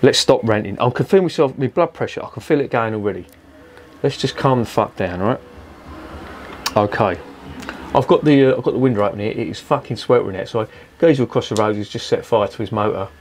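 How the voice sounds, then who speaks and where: A man's voice: medium pitch, lively intonation, brisk, slight background noise. A man reviewing a beer in a rambling, profane, exasperated rant. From England. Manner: swears constantly, rambling and exasperated.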